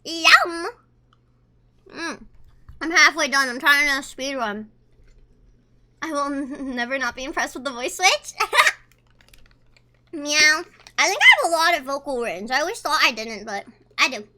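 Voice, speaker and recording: Woman, livestreamer, casual chatter, very high voice, sharp bright tone. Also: lively intonation, moderate pace, a little hiss or hum. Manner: chatty, talks while eating, reads chat aloud. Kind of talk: casual live-stream chat.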